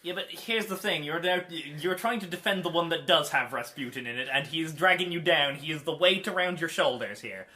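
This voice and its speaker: A man arguing his side in a casual film podcast, with a bright, forceful tone. He is wry and a little combative, making his points with dry jabs. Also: fairly high pitch, fairly quick, few pauses. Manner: wry, argumentative. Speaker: podcast co-host. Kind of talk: casual movie debate chat.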